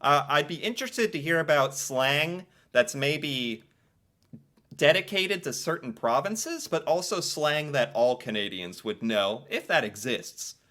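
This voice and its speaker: An American man reacts in a casual, excitable way, his bright voice bouncing up and down across a wide pitch range. He sounds playful and animated. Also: measured pace. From United States. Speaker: reaction video creator.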